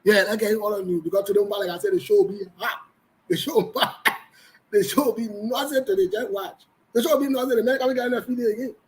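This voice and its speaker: A man with a Liberian English accent runs a casual live show. He talks in a high register, greets viewers one by one and jokes loosely between topics. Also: fast, rough recording. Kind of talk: casual livestream chat.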